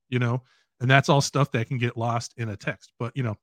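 A man in the middle of his range hosts a podcast at a quick clip. His talk is loose and friendly and full of fillers. The recording is close and dry. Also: medium pitch, fairly even intonation, no room sound. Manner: fast, loose, many fillers like "you know". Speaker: podcast host. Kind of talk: casual interview chat.

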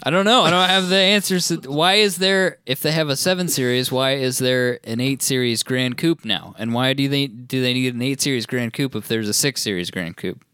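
A man's voice: medium pitch, moderate pace, few pauses, pushed and bright, clean tone, dry recording. Matter-of-fact man, dry close sound. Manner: matter-of-fact, explains and objects. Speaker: podcast co-host. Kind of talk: casual chat.

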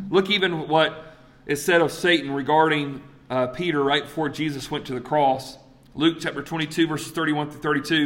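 A man preaching a sermon, acting out scripture dialogues with big swings in pitch and loudness.

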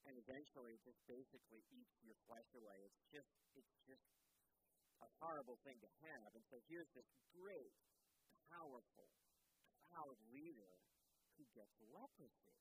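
A man preaching, retelling a Bible story in an animated, conversational way and asking his audience questions. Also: medium pitch, moderate pace, background noise. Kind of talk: storytelling sermon.

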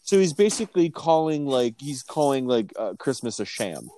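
A man's voice: medium pitch, sing-song, normal speed, dark tone, slight background noise. Joking, profane man chatting about a movie. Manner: joking, profane, reads from notes. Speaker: podcast co-host. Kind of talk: casual movie-discussion chat.

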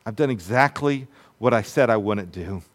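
A man preaching a sermon in a conversational way, with many fillers and restarts, who drops to a hushed voice for dramatic moments. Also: on the low side, expressive, moderate pace. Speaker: pastor.

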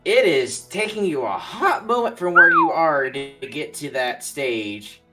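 A man's voice: a little high, huge pitch swings, unhurried, over loud music. A man running a tabletop game as game master, narrating in a casual, loose way full of "like" fillers. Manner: casual, swears, many "like" fillers.

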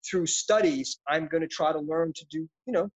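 Being interviewed, a middle-aged man who acts talks at a normal speed in a slightly high voice. His manner is intense, reflective, passionate and rambling, and the recording sounds dull and lo-fi.

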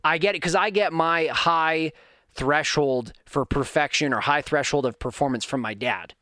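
A man streaming to his chat, giving a casual motivational talk, animated, his voice leaping up high when he stresses a point. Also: normal speed, no room sound, studio quality.

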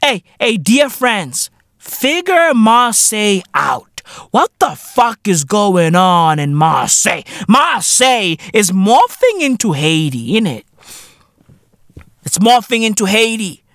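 A podcast host from South Africa talking in a casual, profane monologue, full of slang fillers and emphatic repetition. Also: male voice, high voice, big pitch swings, takes it slowly, fairly bright tone, dry recording, studio quality.

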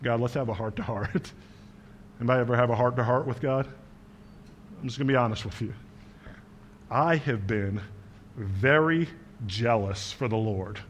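A man preaching a sermon in a quiet, intimate manner, asking the congregation questions. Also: medium pitch, measured pace, long pauses, slight background noise. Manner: quiet, intimate, drops to a hush. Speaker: pastor.

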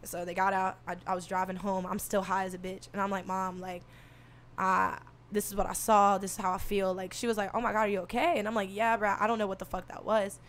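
Soft-spoken young woman telling a wild story. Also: mid-range voice, quick pace, slight background noise. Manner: animated, swearing, acts out quotes. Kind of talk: casual storytelling.

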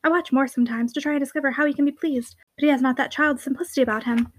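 A woman reading the part of a bold, witty young heiress who teases with lively, quick exclamations. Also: high-pitched, close to an everyday voice. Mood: playful.

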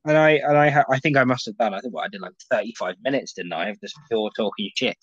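A stand-up comedian rambles as a guest in a casual podcast chat, with lots of restarts and swearing. His medium-pitched voice is fast and slightly rough, captured in muffled, dry lo-fi audio with no echo.

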